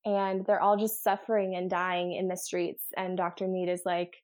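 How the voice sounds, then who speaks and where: A young woman in casual chat, retelling a novel's plot with lots of laughing and quick paraphrased quotes. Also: mid-range voice, little pitch movement, darkish tone. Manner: chatty, laughing, acts out characters' lines in quick paraphrase.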